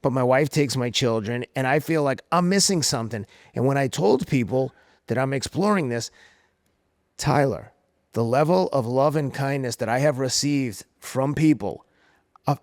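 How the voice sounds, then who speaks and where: A man's voice: medium pitch, normal speed, dry recording, studio quality. A middle-aged man from Somerville, Massachusetts, hosting a casual chat and telling stories with acted-out voices. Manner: animated storytelling, acts out quoted voices. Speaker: podcast host.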